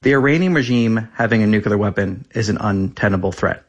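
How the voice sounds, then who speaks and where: Brisk man repeating official talking points. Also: lowish voice, highs cut off. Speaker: government spokesperson. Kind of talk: press interview answers.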